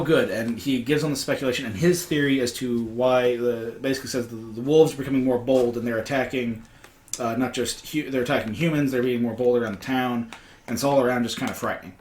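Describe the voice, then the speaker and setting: A man recapping the story as game master. He describes scenes in a rambling way, with many fillers and restarts. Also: mid-range voice. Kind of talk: casual recap narration. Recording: roomy echo with faint noise.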